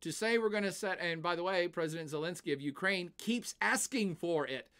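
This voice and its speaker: Animated older man answering chat. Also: sits high, fairly quick, clear, resonant tone. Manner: animated, laughs often, puts on silly voices. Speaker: livestream host. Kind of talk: casual livestream chat, answering chat questions.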